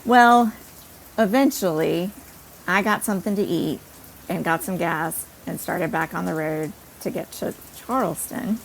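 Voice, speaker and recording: A woman podcast host telling a personal story in an animated, self-deprecating way. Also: on the low side, measured pace, vocal fry, a little hiss or hum, rough recording.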